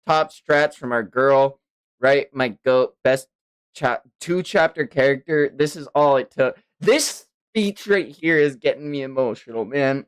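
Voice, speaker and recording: A woman streaming a live reaction, excitable and swearing, with many gasps and exclamations. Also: rumbling low, measured pace, clear, resonant tone. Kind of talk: live reaction to a manga chapter.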